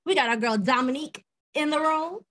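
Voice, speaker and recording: A woman's voice: sits high, a little fast, a bit bright. A woman hosting a podcast, introducing guests in an upbeat, teasing way. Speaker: podcast host. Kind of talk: casual hosting chat.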